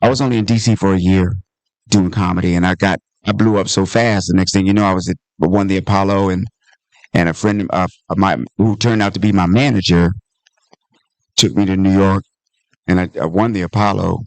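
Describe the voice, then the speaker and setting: Gravelly-voiced man telling animated stories. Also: low voice, a little fast, dry recording. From Washington, D.C. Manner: animated storyteller, acts out voices in anecdotes. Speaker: comedian and author at book talk. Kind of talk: storytelling in conversation.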